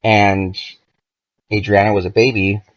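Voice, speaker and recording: A man's voice: fairly low pitch, little pitch movement, a little slow. A man on a podcast as a guest, telling a long story in a casual, profane, rambling way. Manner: profane, laid-back, rambling with many "like"s. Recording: dull lo-fi podcast audio.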